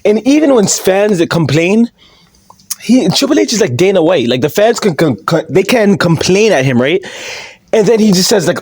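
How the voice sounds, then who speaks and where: A man's voice: sits high, very animated, moderate pace, darkish tone, husky, dry recording. A man ranting in a vlog monologue, mocking and swearing, laughing at his own jokes and often asking "all right?". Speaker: wrestling commentary YouTuber.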